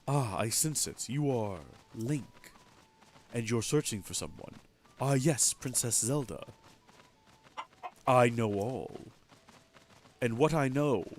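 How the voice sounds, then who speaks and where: A solemn, all-knowing chicken speaks slowly in a deep voice and old-fashioned words, put on by a man. It sounds like a game character read aloud for a stream. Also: slight background noise. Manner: slow mock-archaic oracle speech. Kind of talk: voicing game dialogue while streaming.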